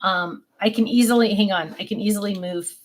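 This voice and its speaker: A middle-aged woman hosts a craft channel livestream from her home office, speaking a little fast over a faint hiss or hum. She reads viewer comments and rambles with lots of ums, calling out to her dogs in a high sing-song voice.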